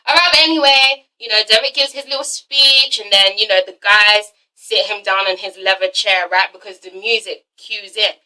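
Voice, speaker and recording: A woman recapping a TV episode in a casual vlog, excitable and profane, acting out the characters in quick asides. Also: medium pitch, poor audio. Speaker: TV episode reviewer.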